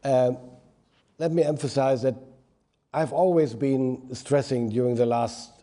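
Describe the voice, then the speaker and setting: A man's voice: medium pitch, fairly even intonation, measured pace, mellow. A middle-aged man with a strong German accent, a native German speaker, answering at a press conference and searching for his words as he goes. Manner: searching for words, restarts phrases. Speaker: government minister.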